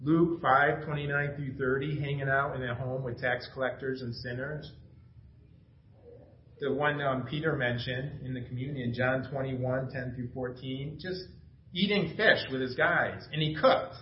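A man's voice: medium pitch, steady tone, a little slow, slight background noise. A middle-aged man preaching a casual, enthusiastic sermon, telling family stories with laughter. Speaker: pastor. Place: church sanctuary. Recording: echoey dull church recording.

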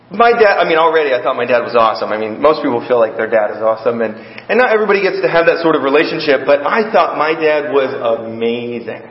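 A man preaching a sermon in a relaxed, conversational way, using rhetorical questions and personal stories. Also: a little high. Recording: echoey hall, dull lo-fi sound.

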